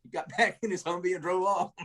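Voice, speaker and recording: This middle-aged army veteran tells war stories casually, rambling and salty, full of restarts and tags like "man" and "right?". His high-pitched, fairly bright voice keeps a fairly even intonation at normal speed.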